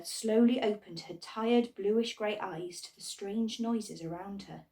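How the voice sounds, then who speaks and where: A woman reading a children's storybook aloud in a playful, expressive way. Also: medium pitch, takes it slowly, few pauses, distant mic.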